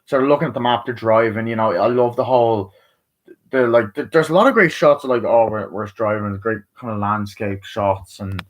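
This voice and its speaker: A man's voice: fairly low pitch, normal speed. A tired man casually reviewing a movie, rambling and swearing, with lots of fillers and restarts. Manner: rambling, full of fillers and profanity. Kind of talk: casual spoken film review.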